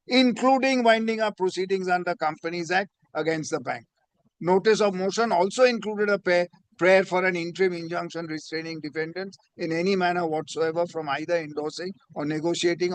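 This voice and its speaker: High-voiced advocate. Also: male voice, no echo. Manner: deferential, peppers every phrase with "my lord". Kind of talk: formal courtroom argument. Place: courtroom.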